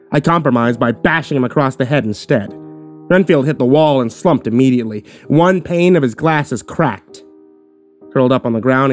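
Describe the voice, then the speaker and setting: A man narrating a horror story in the first person with steady, dramatic delivery. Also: mid-range voice. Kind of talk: scripted narration.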